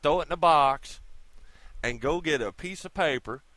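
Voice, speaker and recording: A man's voice: on the high side, moderate pace, fairly bright tone, dry recording. A man delivering a casual, folksy, profanity-laced rant straight to his viewers, whom he calls kids. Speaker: video blogger. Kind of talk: casual ranting monologue.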